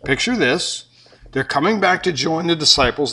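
A man preaching a sermon, animated, acting out scenes and shifting between loud and soft. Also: fairly high pitch, moderate pace. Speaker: pastor.

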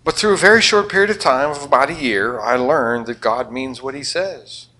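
Speaking at a normal speed in a medium-pitched voice, an older pastor preaches and keeps throwing questions to the congregation, his delivery swinging from emphatic loudness to quiet asides.

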